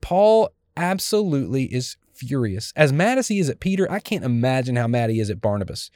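A man pastor preaching a sermon in an animated way, acting out the scenes of the scripture he is teaching. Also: medium pitch, a little fast, hardly any pauses, no echo, studio quality.

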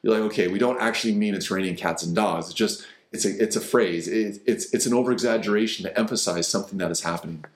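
A man's voice: on the low side, fast talker, few pauses. A male pastor preaching a sermon in an earnest way, often repeating words as he builds a point. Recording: roomy echo.

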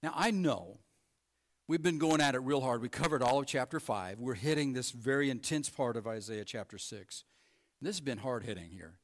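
A man preaching a sermon as pastor, emphatic, moving between ringing emphasis and hushed, low passages. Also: normal speed.

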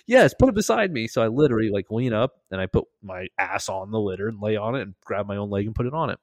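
Animated, profane man telling a story. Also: fairly low pitch, fast talker, no room sound. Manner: animated, profane, acts out quoted lines. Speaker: podcast host. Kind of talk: casual storytelling.

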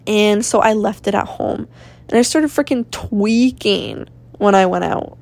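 A woman's voice: medium pitch, moderate pace. Twenties woman from Maine, confessional vlogger, fried voice, blunt and rambling. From Maine, USA. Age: 20s. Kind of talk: candid personal vlog rant. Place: rented room at home.

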